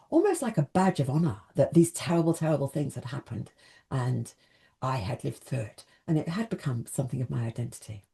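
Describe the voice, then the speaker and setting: Woman, self-help speaker, talks straight to camera, lively pitch. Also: quick pace, creaky. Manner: earnest, addresses the viewer directly with questions. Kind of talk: motivational talk to camera.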